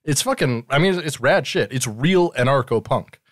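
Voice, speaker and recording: A young man co-hosting a podcast, emphatic and sweary, speaking in quick bursts. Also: mid-range voice, lively intonation, no echo, clean studio sound. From Alaska. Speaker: podcast co-host. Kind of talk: casual podcast chat.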